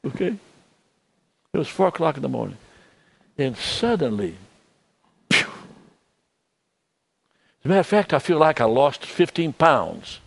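Older man preaching, halting and soft. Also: a little high, very animated, vocal fry. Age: 70s. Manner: halting, repeats words, drops to soft tones. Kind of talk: sermon.

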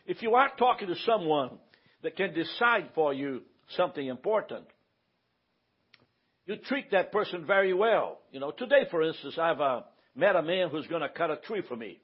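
A man's voice: on the high side, lively intonation, normal speed, husky. A man teaching a Bible class in a conversational way, often checking that the room follows him. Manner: conversational, asks the room for confirmation. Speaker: pastor teaching a church class. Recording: dull lo-fi recording.

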